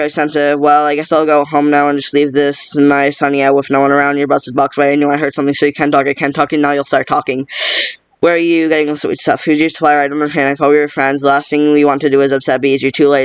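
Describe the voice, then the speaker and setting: A man's voice: a little high, completely flat delivery, quick pace, smooth, no echo. A man reading a whole film script aloud at speed, doing every part himself and stumbling over and restarting words as he goes. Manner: rattles through all the parts, stumbling and restarting words. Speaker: script reader. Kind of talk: rushed read-through of a film script.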